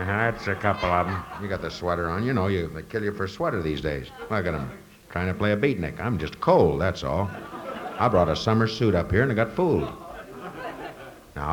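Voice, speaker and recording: A man from the northern United States doing a stand-up routine with a rambling, stop-start delivery before a live audience. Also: deep voice. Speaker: stand-up comedian. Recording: live audience crowd noise.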